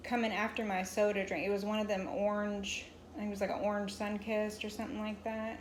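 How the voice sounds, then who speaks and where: A woman in her forties chatting casually to her viewers from home, rambling through a childhood story with plenty of asides. Her voice sits at a middling pitch, with a little faint room noise behind her. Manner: rambling, chatty, talks straight to viewers, scolds a pet mid-story. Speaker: crochet vlogger.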